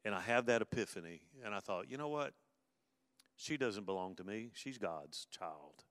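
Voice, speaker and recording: Resonant preacher in a big hall. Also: male voice, fairly low pitch, expressive, fairly quick, clean studio sound. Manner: conversational preaching, hushed at tender moments, rising to emphatic bursts. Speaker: pastor. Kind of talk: sermon.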